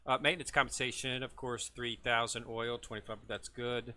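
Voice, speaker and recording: A man with a bright, forward voice walks viewers through a game's new event in a casual, unscripted way. He rambles and fills pauses with lots of "uh" and "um," tripping over hard names. His pitch sits right in the middle for a man. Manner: relaxed, rambling, lots of filler words; stumbles over foreign names. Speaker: gaming video host. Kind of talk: casual game walkthrough.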